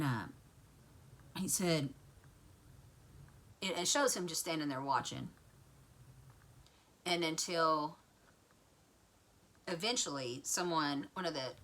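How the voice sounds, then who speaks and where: A woman vlogger casually retelling a TV episode to her viewers, chatty and full of asides. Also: fairly low pitch. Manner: chatty, lively storytelling with asides.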